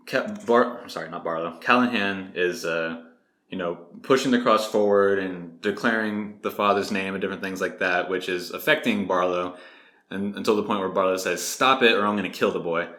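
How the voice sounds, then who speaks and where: A man co-hosting a casual podcast, relaxed, retelling a novel's plot with many fillers. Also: deep voice, a little fast, reverberant. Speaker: podcast co-host. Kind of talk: casual book discussion.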